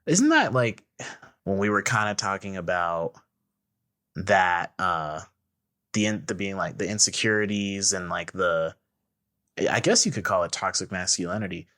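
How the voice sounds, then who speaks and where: A man's voice: deep voice, animated, a little slow, a bit bright. A young man co-hosting a podcast, joking and riffing through casual comedic chat. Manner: joking, riffing, frequent laughs. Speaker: podcast co-host.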